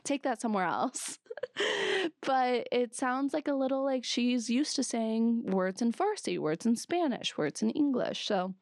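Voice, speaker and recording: A young woman with a Southern California Valley accent, hosting a solo podcast recap in chatty, animated talk, swearing freely and jumping between asides. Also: a little high, measured pace, dry recording, studio quality. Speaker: podcast host.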